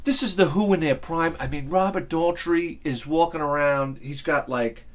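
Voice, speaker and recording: A man hosting his own channel, telling a rambling, excitable story in a casual monologue and swearing freely. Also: a little high. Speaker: channel host.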